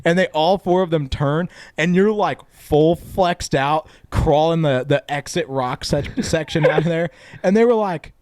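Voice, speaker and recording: A man's voice: on the high side, a little slow, dry recording. A young man co-hosting a podcast in casual chat, telling stories and acting out what others said. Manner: animated storyteller, acts out quotes. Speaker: podcast co-host.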